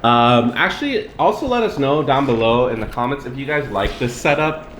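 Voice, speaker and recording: A man's voice: mid-range voice, expressive, moderate pace, fairly bright tone. Chatty man in a roomy room. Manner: chatty storyteller, acts out own inner thoughts. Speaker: cooking channel co-host. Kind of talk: casual chat while cooking and eating. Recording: roomy echo, faint background noise.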